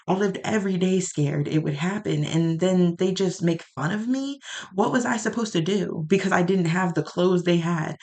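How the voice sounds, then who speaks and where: A woman speaking an emotional prayer aloud, raw, pleading and angry. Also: lowish voice.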